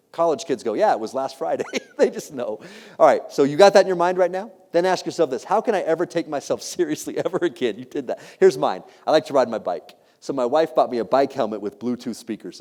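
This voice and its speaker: A middle-aged man giving a motivational keynote speech to a live audience, animated and jokey, often laughing at his own stories. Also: a little high. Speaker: keynote speaker.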